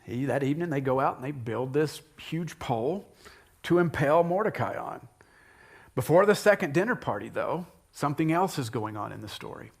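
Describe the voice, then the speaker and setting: A male pastor preaching a sermon, retelling a Bible story in an animated way and jumping up high when he voices the characters. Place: church sanctuary.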